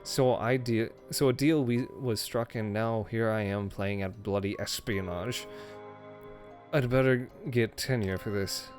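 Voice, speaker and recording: A man's voice: fairly low pitch, measured pace, a little mellow, soft background music, close to an everyday voice. A man reading as a pompous stuffy academic. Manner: pompous, fussy. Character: stuffy male academic turned reluctant spy.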